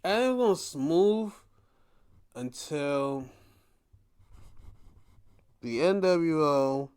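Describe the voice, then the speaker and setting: A man's voice: fairly high pitch, lively intonation, drawn-out words, darkish tone, clear, resonant tone. A young man hosting a podcast, giving a profane, exasperated rant in casual commentary. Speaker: podcast host.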